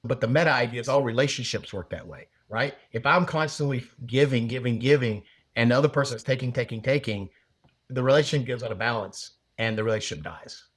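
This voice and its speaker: A man appearing as a guest on a podcast, a sales leader who makes his points through lively hypothetical scenarios. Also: mid-range voice, brisk. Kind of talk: casual conversational interview.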